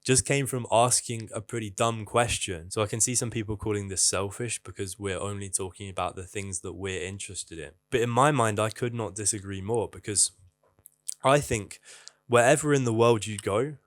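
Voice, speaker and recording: Young guy, candid vlogger, low-pitched, dry close sound, swears casually. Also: moderate pace, dry recording. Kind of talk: casual advice monologue.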